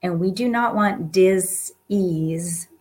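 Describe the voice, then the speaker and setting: A woman's voice: mid-range voice, a little slow, slight background noise. A woman guest speaking to an audience in a heartfelt, casual way, earnest and encouraging. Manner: earnest, warm-hearted and encouraging, with soft laughs.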